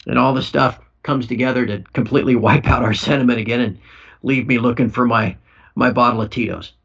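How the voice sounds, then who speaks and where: The precious metals host speaks fairly quickly in a mid-range, husky voice with vocal fry, a fairly bright tone, and fairly even intonation. This middle-aged man keeps the podcast casual, wry, and self-deprecating, with gloomy humor, and the recording is dull and lo-fi.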